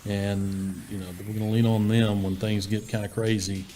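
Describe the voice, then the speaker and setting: Low-voiced coach, plainspoken. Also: male voice, moderate pace, soft background music. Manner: steady, plainspoken, with many fillers and restarts. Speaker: head football coach. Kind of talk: interview answers.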